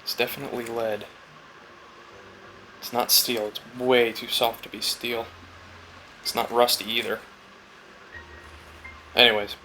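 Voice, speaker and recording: A man's voice: mid-range voice, flat delivery, a little slow, pauses often, bright, forceful tone, slight background noise. A man talking casually and reflectively while carving wood, rambling through a story and acting out little conversations. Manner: rambling, storytelling, acts out quoted chats. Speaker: woodcarver vlogger.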